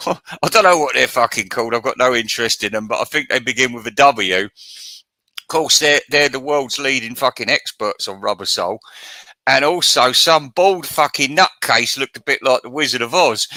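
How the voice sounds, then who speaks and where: Give me a mocking man with a tense bright voice, rambling and ranting. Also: medium pitch, animated, moderate pace, no room sound. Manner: crude, profane, rambling and mocking. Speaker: channel host. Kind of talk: ranting casual monologue.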